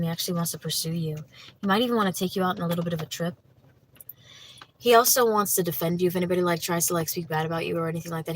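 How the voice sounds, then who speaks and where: A woman reading tarot live for her viewers, talking in a loose, chatty way with plenty of fillers. Her voice is bright and a bit tense and sits on the low side. There is a faint hiss in the background. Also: poor audio. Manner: chatty, many fillers like "you know" and "like"; laughs easily, talks to viewers by name. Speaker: tarot reader.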